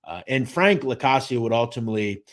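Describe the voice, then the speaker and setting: A man hosting a true-crime show, narrating in a conversational way with animated emphasis and frequent "uh"s. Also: mid-range voice, a little fast. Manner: conversational, lively emphasis with filler "uh"s. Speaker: host.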